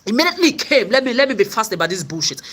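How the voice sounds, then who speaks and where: A woman's voice: mid-range voice, lively intonation, rapid-fire, fairly bright tone. A woman vlogger telling her story in an angry, profane rant, often repeating and stumbling over words. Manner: profane, repetitive stammering.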